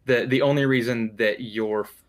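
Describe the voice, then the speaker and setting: Male game master narrating a tabletop game, relaxed and descriptive. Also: mid-range voice, moderate pace. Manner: loose, descriptive, with fillers and restarts.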